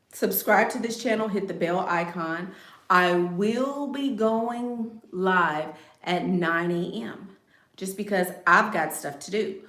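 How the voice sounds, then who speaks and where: A woman creator talks casually on a live stream in a lowish, slightly bright voice, and the audio has a roomy quality. She's blunt and sure of herself, repeating phrases for emphasis.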